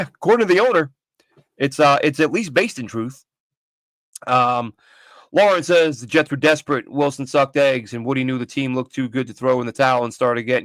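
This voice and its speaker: A man's voice: medium pitch, no echo. Guy doing a sports talk show from home, opinionated, rambling, dry close sound. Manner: animated, opinionated, rambling with restarts. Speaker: podcast host. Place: home studio with his dog nearby.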